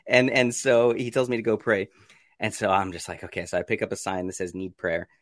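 A man, a podcast guest, telling his story in a casual interview, acting out his own reactions with sudden jumps in pitch and frequent laughs. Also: flat delivery, fairly quick, a bit bright, no echo, clean studio sound.

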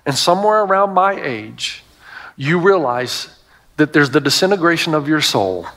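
A man's voice: a little high, animated, moderate pace, fairly bright tone. A middle-aged male pastor preaching a sermon to a congregation, telling stories with emphatic asides.

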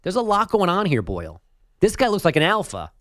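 A man's voice: sits high, wildly swooping pitch, a little fast, fairly bright tone, no echo, studio quality. A man hosting a sports talk radio show, bantering in a wry, joking way. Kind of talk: casual on-air banter.

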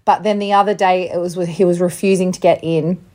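A woman co-hosting a relaxed podcast. She talks openly and laughs often, acting out bits of dialogue as she goes. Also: on the low side, brisk. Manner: candid, laughs often, acts out quotes. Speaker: podcast co-host. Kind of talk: casual podcast chat.

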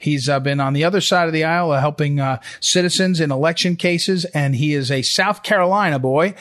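A man's voice: a little high, brisk, a bit bright. A man hosting a political talk radio show, speaking in an emphatic, urgent monologue with frequent restarts and self-corrections.

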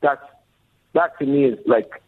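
A man's voice: mid-range voice, steady tone, measured pace. A man in his forties, a record label co-founder, talking earnestly and reflectively as an interview guest. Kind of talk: casual interview talk. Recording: dull lo-fi audio with faint music.

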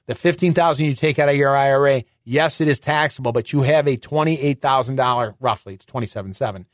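With a mid-range voice in clean, echo-free studio sound, this middle-aged finance radio host chats through his explanations. He poses rhetorical questions and often restarts quickly.

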